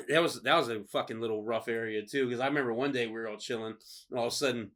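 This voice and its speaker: A man casually telling stories on a podcast, swearing freely, laughing and acting out quotes loudly. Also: mid-range voice, quick pace. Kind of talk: casual storytelling chat.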